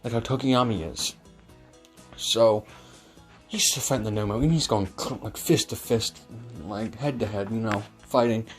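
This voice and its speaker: A man's voice: lowish voice, a little slow, faint music behind. A man improvising a fan-fiction story, rambling with many fillers and self-corrections.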